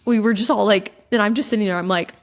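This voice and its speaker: A woman's voice: mid-range voice, fairly even intonation, fast talker. A young woman co-hosting a podcast, telling stories in casual chat with lots of fillers. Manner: chatty storyteller, lots of fillers. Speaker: podcast co-host.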